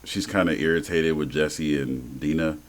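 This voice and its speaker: A man co-hosting a podcast in casual chat, animated and slangy, laughing often and swearing freely. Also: extremely low pitch, normal speed. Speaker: podcast co-host.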